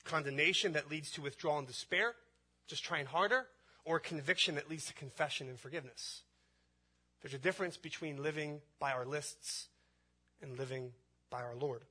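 A man's voice: fairly high pitch, moderate pace, pushed and bright, slightly rough. A man preaching a sermon, building emphasis through repeated phrases. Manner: preaching with rising emphasis and repetition. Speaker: pastor.

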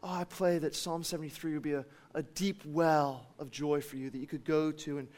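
A man preaching a sermon with passion, swinging between loud declarations and hushed, soft passages. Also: a little high. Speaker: pastor.

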